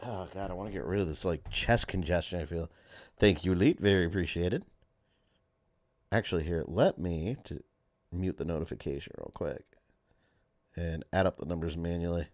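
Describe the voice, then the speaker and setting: A man's voice: low-pitched, moderate pace, pauses often, darkish tone, dry recording. A man streaming a video game, chatting casually with viewers and swearing at the enemies. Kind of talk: casual live-stream commentary. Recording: game music and gunfire behind.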